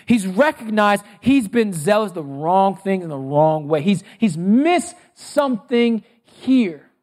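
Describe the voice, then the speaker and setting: A male pastor with a fairly high voice, preaching emphatically. He quizzes his listeners with fill-in questions, rushing through some phrases and drawing out others for weight. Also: very animated, darkish tone. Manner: emphatic, with sudden bursts of speed and drawn-out phrases. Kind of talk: sermon.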